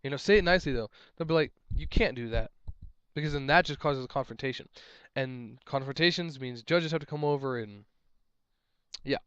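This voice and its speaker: A man's voice: mid-range voice, a little fast, a bit bright, clean tone, no room sound, lo-fi sound. A young man, a tournament judge, giving casual advice in a rambling, exasperated way that often repeats itself.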